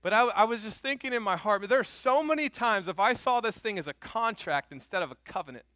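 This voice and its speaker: A middle-aged man preaching a sermon, telling stories with animated emphasis and turning soft and hushed when he prays. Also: high-pitched, quick pace, no room sound, clean studio sound. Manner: animated storytelling, rising loud on emphasis. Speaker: pastor.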